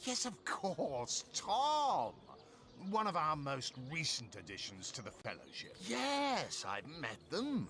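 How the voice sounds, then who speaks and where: A man's voice: a little high, wildly swooping pitch, slow, bright, forceful tone, heavily acted. A man playing a pompous, absent-minded guild official in a video game, theatrical and flustered.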